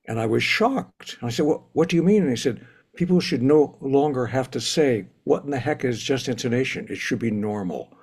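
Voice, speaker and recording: A man's voice: medium pitch, darkish tone, slightly rough. An older man speaking enthusiastically in a casual ceremony talk, telling stories and laughing often. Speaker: honorary president of the institute.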